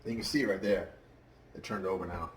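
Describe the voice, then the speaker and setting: A man's voice: deep voice, a little fast, reverberant, noisy background. A man hosting a casual home cooking show, chatting straight to his viewers.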